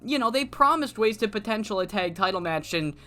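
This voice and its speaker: A woman hosting a video series, casually recapping her wrestling management game save with a lively, swearing manner. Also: mid-range voice, a little fast.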